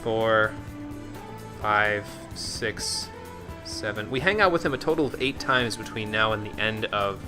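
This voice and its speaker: A man's voice: fairly low pitch, measured pace, over music. A man giving casual live-stream commentary on a game, chatting to viewers in a self-deprecating way. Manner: chatty, answers chat, self-deprecating with restarts.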